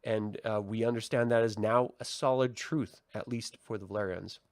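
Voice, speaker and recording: A man's voice: on the low side, normal speed, no echo. Dry-sounding man casually reviewing a TV episode. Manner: animated retelling, hesitant fillers.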